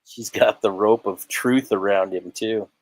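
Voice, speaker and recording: A low-voiced man with a husky, slightly breathy tone calls auction bids in a quick, steady patter and tosses in joking asides. The sound is dry and close, with no room around it. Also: no echo, poor audio. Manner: rapid steady bid calling with joking asides. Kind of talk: live auction bid calling.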